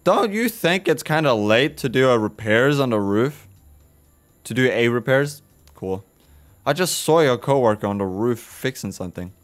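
A gaming video host plays a horror game on his channel, reading its text aloud and reacting with swearing and jokes in casual commentary. His medium-pitched voice is animated and moderately paced, with faint music in the background.

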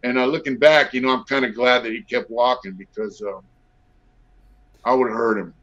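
Speaking as a guest in a casual storytelling interview over video call, this middle-aged man is blunt, swears freely, and leans on fillers in a relaxed way. His voice sits mid-range with fairly even intonation, normal speed, and a slightly bright quality, captured in dull lo-fi sound.

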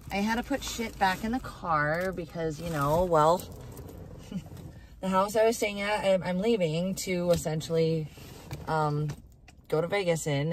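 A young woman live-streaming by her car, exhausted, rambling and swearing heavily as she talks to her viewers. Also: lowish voice. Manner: heavy swearing, rambling and restarting. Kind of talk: casual live-stream chat. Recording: distant phone mic, loud background noise.

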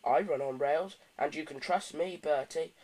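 A man's voice: a little high, normal speed, lightly acted, poor audio. A man voicing a cheerful, friendly little male tank engine in a storybook reading. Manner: bright and friendly.

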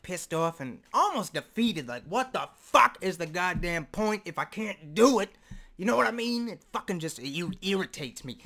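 Excitable high-voiced man reacting. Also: gravelly. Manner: excitable, loud, swears a lot. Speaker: reaction video host. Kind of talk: casual reaction commentary.

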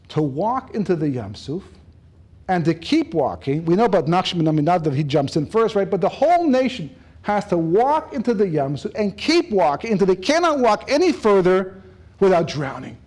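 Male rabbi lecturer, higher voice, lively and animated, jokes and laughs through the talk. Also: normal speed. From lives in Israel. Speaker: rabbi giving a Torah talk. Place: lecture room.

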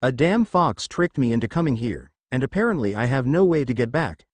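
An impulsive young ninja blurts out his lines in a raised, excitable voice, as a man voices him. The pitch jumps around in a lively way. The storybook audio is dry and close. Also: a little fast, no echo, close to an everyday voice. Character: brash young male ninja, loud and impulsive.

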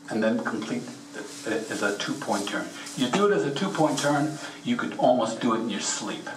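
A man giving a casual slide presentation at a mineral show, plainspoken and folksy, offering practical advice directly to the audience. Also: mid-range voice. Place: meeting room at a rock and mineral show. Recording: echoey room, speaker far from the mic.

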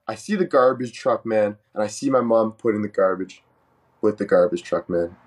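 A man casually telling a joking story on a live stream, animated and swearing freely. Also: fairly low pitch, normal speed.

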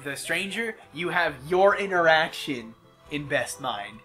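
Bright, higher-voiced young man, blunt and profane. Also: expressive, faint music behind. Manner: blunt, profane, acts out quick mock voices. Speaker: co-host playing a video game. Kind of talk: casual gameplay chat.

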